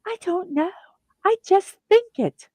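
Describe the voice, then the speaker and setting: A woman voicing a small, sickly little boy who speaks softly and earnestly. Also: very high-pitched, animated, slow pace, dry recording, voice pushed up, full character voice. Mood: gentle.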